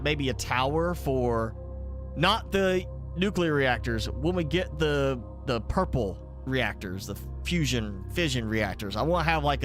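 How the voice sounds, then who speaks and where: Streamer, male, mild Southern lilt, mid-pitched, rambling think-aloud delivery, game music playing behind. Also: a bit bright. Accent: mild Southern American. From American South. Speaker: gaming streamer. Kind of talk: casual live gameplay commentary.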